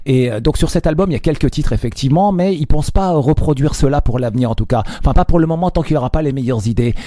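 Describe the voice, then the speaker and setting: A male radio host with a French accent who hesitates and fills pauses, translating a live interview into French. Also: a little high, dark tone, dry recording, studio quality. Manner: hesitant, many fillers, switches between French and English.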